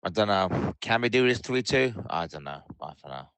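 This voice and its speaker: A man's voice: low-pitched, expressive, moderate pace, hardly any pauses, a bit bright, clean tone, dry recording. A man from leaving angry, swearing voicemails about a football match, in short furious bursts.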